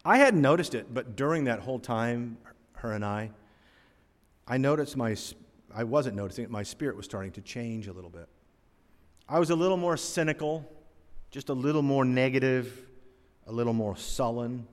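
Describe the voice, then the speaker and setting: A man in his sixties preaching a storytelling sermon, his mid-pitched voice ringing with a long reverb through a large hall. He swings between emphatic, louder lines and hushed drops. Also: animated, normal speed, pauses often. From North Carolina, USA. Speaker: pastor.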